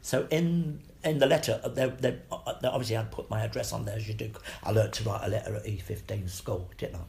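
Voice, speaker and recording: An older man, a guest actor, telling anecdotes in an interview, lively, swearing freely and laughing between stories. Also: fairly low pitch, fast, vocal fry.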